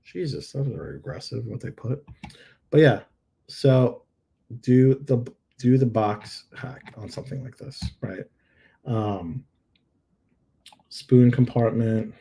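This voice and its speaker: A man's voice: medium pitch, creaky, warm tone, husky. A middle-aged man hosting a live review, joking and thinking aloud while he edits images on screen. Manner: playful, jokey, thinks aloud while editing. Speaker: host giving live product listing reviews. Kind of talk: live screen-share critique.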